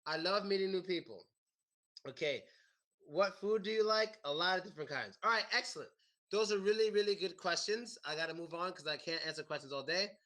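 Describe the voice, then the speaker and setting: An American man teaching a class, animated and repeating his questions to the students. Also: high-pitched, brisk. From United States. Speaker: English teacher. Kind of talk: classroom lesson.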